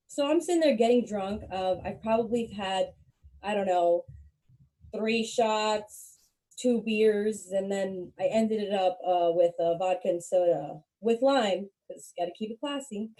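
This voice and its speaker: A young woman doing stand-up, telling a profane story in a brash, animated way, swearing constantly. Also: medium pitch, a little slow. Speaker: stand-up comedian.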